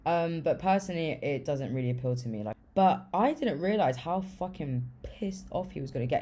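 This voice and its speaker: A woman's voice: deep voice, animated, moderate pace, hardly any pauses, mellow. A young woman telling a story in a loose, casual way, full of swearing and fillers like "like". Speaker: vlogger.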